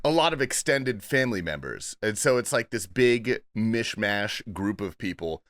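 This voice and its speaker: A man hosting a podcast, telling a story in animated, laughing, profane casual chat. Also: on the low side, normal speed, no room sound, studio quality. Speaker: podcast host.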